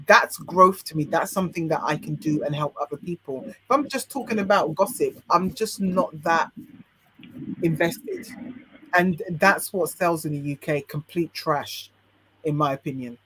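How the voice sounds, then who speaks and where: A woman's voice: on the low side, normal speed, a bit bright, husky. Frank, opinionated British woman. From United Kingdom. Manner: frank and opinionated, many restarts. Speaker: podcast guest, life coach. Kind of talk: casual podcast chat.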